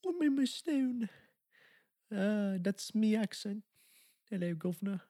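A goofy, overdone fake British caricature, pitched well above the speaker's own voice and stretched slow. A man puts it on in a podcast bit. Dry, close sound. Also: lively intonation, warm tone, no echo. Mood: joking. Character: mock British caricature, man, silly and exaggerated.

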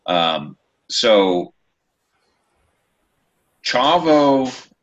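A man hosting a casual chat show, telling a story with lively, acted-out quotes. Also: mid-range voice, extremely slow, muffled recording. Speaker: podcast host.

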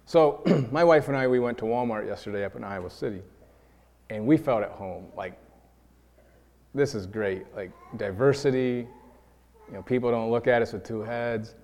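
A preacher from New York giving a lively sermon, acting out quoted voices and repeating words as he builds his points. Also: mid-range voice, moderate pace. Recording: long reverb of a large hall.

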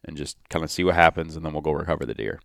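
A man hosting a hunting podcast, excitedly narrating a hunt in casual chat with quoted dialogue. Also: extremely low pitch, very fast, vocal fry, no room sound, studio quality. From Michigan.

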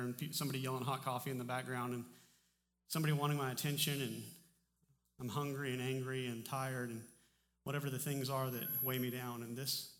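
A male pastor delivers a casual, conversational sermon, often stumbling and restarting his phrases. His mid-pitched voice carries a long reverb tail from the church hall around him. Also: slight background noise. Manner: relaxed, conversational preaching with frequent restarts. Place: church sanctuary.

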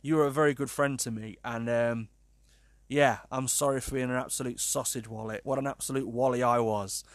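Male podcast host, medium pitch, dry close sound, cheeky and sweary. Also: brisk, no echo. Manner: animated, sweary, laughs at his own jokes. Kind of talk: casual podcast monologue.

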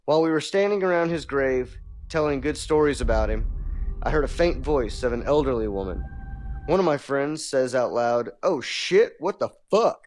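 A man's voice: medium pitch, expressive, moderate pace, a little mellow, faint music behind. Male podcast host reading a spooky story. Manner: laughs easily, reads with asides. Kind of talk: casual chat and reading a story aloud.

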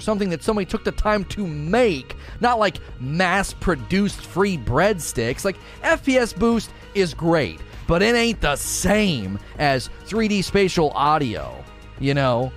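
A man hosting a gaming talk show, ranting in an exasperated, emphatic way to his co-hosts. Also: high voice. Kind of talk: opinionated gaming commentary.

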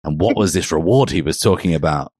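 A man's voice: sits low, expressive, a little fast, a little mellow, slightly rough, no room sound, clean studio sound. A man co-hosting a podcast, giving a mock-serious comic reading of fan fiction. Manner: mock-serious storytelling, breaks into laughter. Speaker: podcast co-host.

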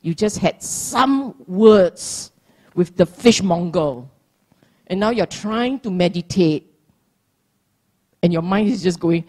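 A woman's voice: lowish voice, expressive, takes it slowly, long pauses, a little mellow. A middle-aged woman giving a dharma talk, playful and teasing, laughing often. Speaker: dharma teacher.

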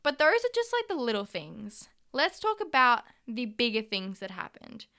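A woman's voice: a little high, sing-song, moderate pace, bright, forceful tone, clear, resonant tone. A young Australian woman in her twenties, hosting a podcast alone, talking in a chatty, candid and sweary way and acting out her own reactions. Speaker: podcast host. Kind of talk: casual solo podcast monologue.

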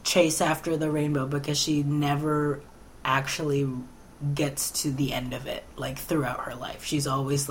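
A woman's voice: deep voice, little pitch movement, moderate pace, a little hiss or hum. A young woman co-hosting a podcast, chatting casually about an old movie with lots of fillers and acted-out lines. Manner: chatty, trailing fillers, acts out lines in put-on voices. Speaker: podcast co-host. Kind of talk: casual film-review chat.

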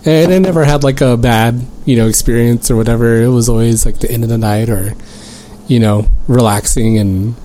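A man in a casual podcast chat, relaxed and agreeable. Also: medium pitch, brisk, slight background noise. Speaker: podcast co-host.

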